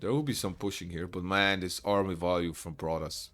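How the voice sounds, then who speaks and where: A man casting a real-time strategy match live, chatty and quick to burst into excited shouts. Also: low-pitched, soft background music. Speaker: esports caster. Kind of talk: live play-by-play game commentary.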